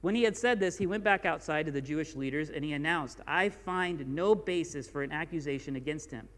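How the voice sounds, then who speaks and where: A man's voice: a little high, brisk, fairly bright tone, big-room sound. A man preaching a sermon as a pastor, speaking informally and reading scripture aloud with rising emphasis. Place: church sanctuary.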